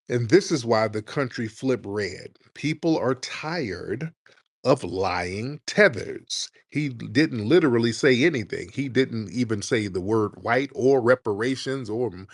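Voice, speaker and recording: A male host of a heated call-in show argues with a caller, mocking him with repeated insults. His mid-range voice is studio quality with no room sound.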